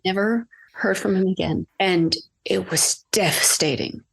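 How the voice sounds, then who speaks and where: A woman guest on a podcast, an acting coach, telling a personal story in an earnest, halting way with restarts. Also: mid-range voice, vocal fry, breathy edge. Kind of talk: candid personal storytelling in conversation.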